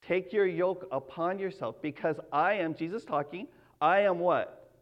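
Brief: male pastor, high-pitched, earnest sermon, dull lo-fi recording. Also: unhurried. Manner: earnest, emphatic, repeats key words. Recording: dull lo-fi sound.

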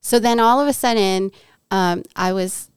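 A woman's voice: medium pitch, a little slow, smooth, no room sound, studio quality. A middle-aged woman from Southern California, a guest telling a personal faith story and acting out what people said. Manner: animated storyteller, acts out quoted dialogue. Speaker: podcast guest.

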